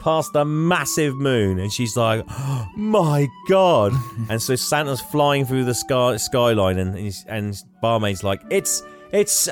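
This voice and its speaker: An English man hosting a podcast, retelling a film with lots of laughter and animated storytelling. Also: mid-range voice, a little slow, few pauses, faint music behind. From England. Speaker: podcast host. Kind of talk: casual chat, retelling a film.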